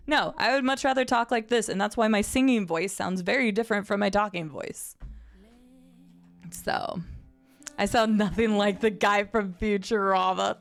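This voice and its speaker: A woman streamer chatting casually with her viewers. She has a low vocal fry at the ends of her phrases, rambles, and laughs often. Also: moderate pace, soft background music. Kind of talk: casual live-stream chat, reading and answering chat. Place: home streaming setup.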